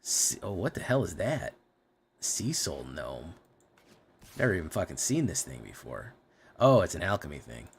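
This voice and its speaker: A man's voice: low-pitched, big pitch swings, normal speed, vocal fry, long pauses, husky. A man streaming a card game, thinking aloud about his plays and swearing at his bad draws. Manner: profane, exasperated running commentary on his own plays. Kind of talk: casual live gameplay commentary.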